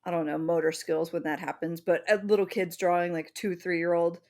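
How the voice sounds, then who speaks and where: A woman co-hosting a podcast, presenting the episode's topic in casual chat, animated and swearing freely. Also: lowish voice, fairly quick. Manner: animated, swears freely, acts out little voices.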